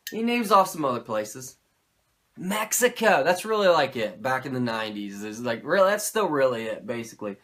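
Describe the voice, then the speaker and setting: Profane, animated man recapping wrestling. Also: mid-range voice, normal speed. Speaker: podcast host.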